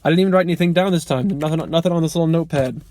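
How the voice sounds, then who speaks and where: A man's voice: on the high side, very fast, darkish tone, a little hiss or hum. Earnest young man vlogging off the cuff. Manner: rambling, many ums and restarts; earnest, motivational. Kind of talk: casual unscripted vlog talk.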